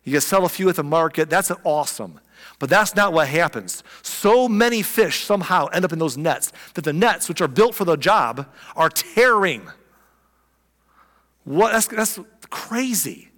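Brief: pastor preaching an animated, chatty sermon, slightly high voice, long reverb of a big sanctuary. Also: male voice. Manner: animated, conversational, exclaiming. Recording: long reverb of a large hall.

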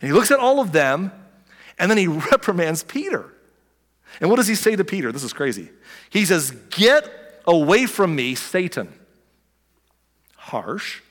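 Male pastor, slightly high voice, animated storyteller, preaching in a reverberant hall. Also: normal speed. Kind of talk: sermon.

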